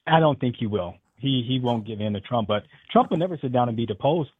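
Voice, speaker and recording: A man calling in to a radio talk show, speaking in an animated, indignant way. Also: medium pitch, brisk, breathy edge, no echo. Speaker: caller. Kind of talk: call-in radio chat. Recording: tinny phone line.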